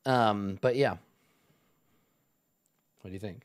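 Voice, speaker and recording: Man, game master, casual rambling narration, mid pitch, dry close sound. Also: huge pitch swings, takes it slowly, long pauses, smooth, no room sound. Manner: casual, rambling with many fillers.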